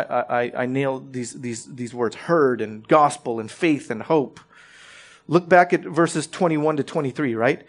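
A man preaching a sermon in a conversational teaching manner, often checking in with his listeners and restarting his phrases. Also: mid-range voice.

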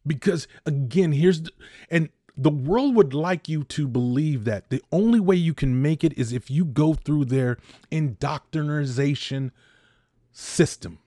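A man's voice: on the high side, unhurried, warm tone, dry recording, clean studio sound. Impassioned ranting man in his fifties. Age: 50s. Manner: impassioned, ranting, repeats points for emphasis. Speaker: podcast host. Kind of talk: opinion podcast monologue.

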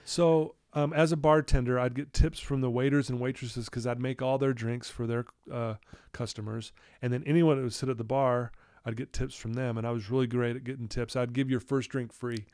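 A man's voice: mid-range voice, fairly even intonation, a little fast, a little mellow, no room sound, clean studio sound. A man, a recovery counselor, telling a personal story candidly and with feeling, in his office. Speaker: addiction recovery counselor, guest.

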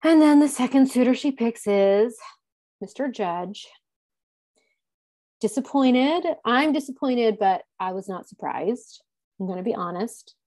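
A woman co-hosting a podcast, recapping a reality show from her notes in animated casual chat, laughing often. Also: fairly high pitch, measured pace, no echo. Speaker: podcast co-host.

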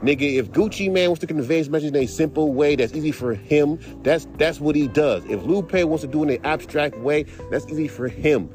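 A man's voice: on the high side, brisk, hardly any pauses, a little mellow, soft background music. Profane, heated man ranting on a podcast. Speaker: podcast host; rapper. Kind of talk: casual rant podcast.

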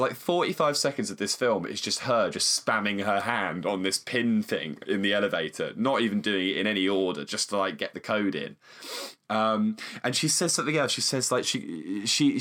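A man's voice: lowish voice, expressive, fairly quick, a bit bright. A man co-hosting a film podcast, chatting casually, laughing and swearing as he retells scenes. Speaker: podcast co-host. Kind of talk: casual chat.

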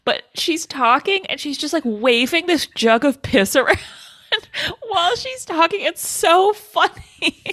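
A woman's voice: high-pitched, expressive, a little slow, fairly bright tone, no echo. A young woman co-hosting a podcast, retelling movie scenes in casual chat, laughing and swearing freely. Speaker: podcast co-host.

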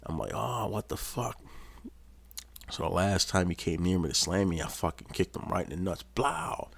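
A podcast host with a deep, gravelly voice speaks fast in a steady tone, rambling through a story and swearing constantly in a profane, casual manner. The sound is close and dry.

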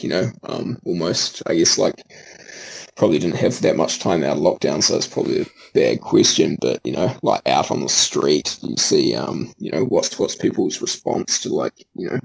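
Deep husky guy, kinda gravelly, lots of ums while he asks stuff. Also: poor audio. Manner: hesitant, lots of ums and restarts. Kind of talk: casual chat.

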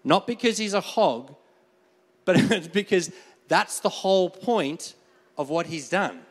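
A pastor with a high, animated, slightly slow voice delivers a conversational sermon, asking the crowd for amens and laughing often as he brings a volunteer on stage. A long reverb from a large hall surrounds him.

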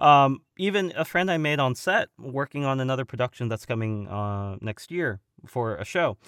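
Relaxed man, dry close sound. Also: mid-range voice, moderate pace, clear, resonant tone, no echo. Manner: relaxed, rambling, many fillers. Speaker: voice actor and stuntman guest. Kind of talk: casual podcast interview.

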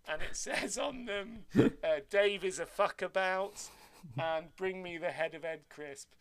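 A man's voice: sits high, unhurried, clear, resonant tone. An older man telling rambling anecdotes in casual chat, cursing freely. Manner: lively rambling storyteller, swears freely.

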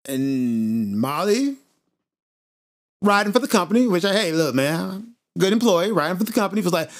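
A man hosting a podcast, telling a story in an animated, emphatic monologue and repeating points for effect. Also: sits high, moderate pace. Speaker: podcast host.

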